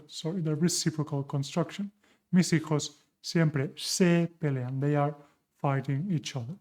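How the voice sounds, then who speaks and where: A native Spanish speaker with a Spanish accent teaches grammar in a patient online lesson, fixing his own slips along the way. His voice is mellow and on the high side.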